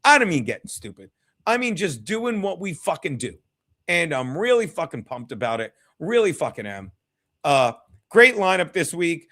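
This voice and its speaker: A man's voice: a little high, sing-song, normal speed, a bit bright. A man hosting his own livestream, rambling and swearing casually as he chats with viewers from home. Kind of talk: casual solo livestream chat.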